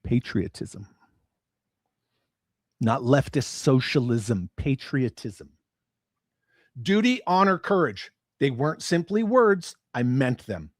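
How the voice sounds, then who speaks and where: A man's voice: medium pitch, very animated, unhurried, hardly any pauses, dry recording, clean studio sound. A man hosting a livestream, ranting with profanity and sarcasm about his hobby. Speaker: livestream host.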